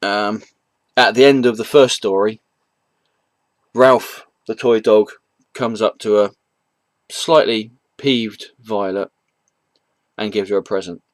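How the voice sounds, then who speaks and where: Guy doing a chatty comic review, kinda low voice, lots of ums, dry close sound. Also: fairly even intonation, slow pace, long pauses, no echo. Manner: rambling, hesitant retelling with frequent ums; chuckles at the jokes he retells. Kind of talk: casual spoken review.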